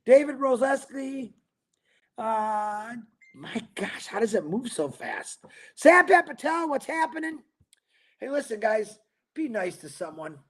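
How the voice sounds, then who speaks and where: A man hosting a casual livestream, rambling upbeat as he greets viewers by name, talking fast and a bit mumbled. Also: very high voice, big pitch swings, fairly bright tone. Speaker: livestream host. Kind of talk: casual livestream chat reading viewer comments.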